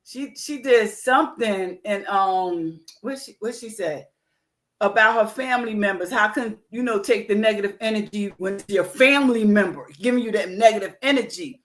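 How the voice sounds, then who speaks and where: A woman's voice: mid-range voice, normal speed. A woman hosting a podcast, talking loosely in casual chat with restarts and frequent affirmations. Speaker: podcast host.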